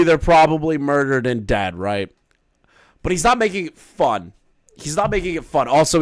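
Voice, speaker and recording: A man streaming a reaction, sarcastic and crude, swinging between flat and loud animated bursts. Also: on the high side, no echo. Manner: crude, blunt. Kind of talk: live-stream reaction commentary.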